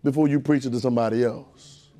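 A male preacher delivering a sermon, chatting with the congregation in folksy asides and building up in pitch and volume as he drives his points home. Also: steady tone, fast talker, warm tone.

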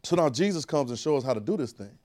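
A man preaching a conversational sermon, repeating phrases and rising to shouted calls. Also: mid-range voice, expressive, fast.

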